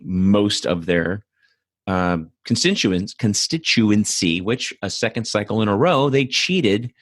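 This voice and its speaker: A man's voice: deep voice, no echo. A middle-aged man hosting his own show, talking alone in a blunt, profane, casual way with lots of fillers. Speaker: podcast host. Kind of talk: solo casual monologue.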